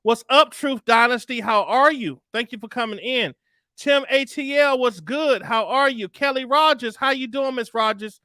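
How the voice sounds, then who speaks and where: A man with a very high, bright voice hosts a live stream in a relaxed, slangy way. He greets viewers one after another, and the sound is close and dry with no room echo. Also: moderate pace. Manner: laid-back, chatty, slangy shout-outs. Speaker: livestream host.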